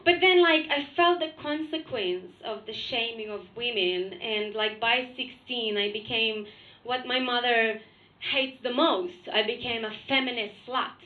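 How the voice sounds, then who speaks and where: A woman's voice: on the high side, unhurried, roomy sound, narrow, tinny audio. Russian-accented woman doing crude stand-up. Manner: blunt, crude, deadpan with frequent laughs. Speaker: stand-up comedian. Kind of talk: stand-up comedy set. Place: comedy club stage.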